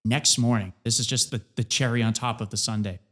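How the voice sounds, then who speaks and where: A man hosting a podcast, telling a story in casual conversation and acting out the people he quotes. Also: brisk. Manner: animated, acts out quoted voices with big pitch jumps.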